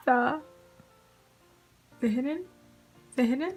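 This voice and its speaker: A woman's voice: fairly high pitch, normal speed, a bit bright, faint music behind. A young woman chatting casually in a home vlog, bubbly and giggly, recorded at home on a camera mic. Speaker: vlogger and singer. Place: home, kitchen.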